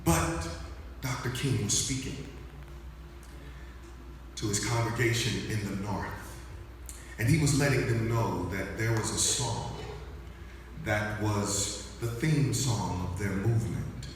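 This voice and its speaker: A man's voice: on the low side, slow pace, long pauses, a little hiss or hum. A man telling a story live at a history program in an earnest, recollecting manner, heard in a far-off echoey hall.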